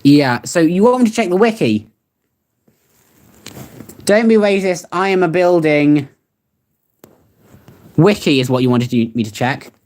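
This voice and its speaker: Pausing often and speaking a little slowly, a young adult streamer reads web search results aloud in a casual chat, rambling and laughing at what appears. The mid-range voice is animated and a little mellow.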